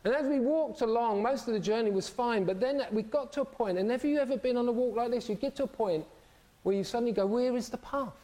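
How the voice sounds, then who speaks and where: A man's voice: extremely high pitch, fast, dark tone. A middle-aged man preaching a sermon, telling stories animatedly and acting out the voices of the people in them.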